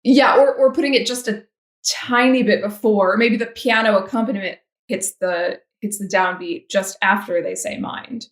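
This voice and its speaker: A woman, a composer guest on a podcast, talking thoughtfully about a song and pausing before she makes her point. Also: medium pitch, steady tone, roomy sound. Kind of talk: casual music analysis chat.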